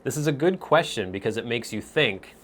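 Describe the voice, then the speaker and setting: With lively intonation and a slightly fast pace, a man hosts a casual question-and-answer vlog for viewers. His medium-pitched voice is fairly bright, and he thinks aloud, searching for words with small restarts.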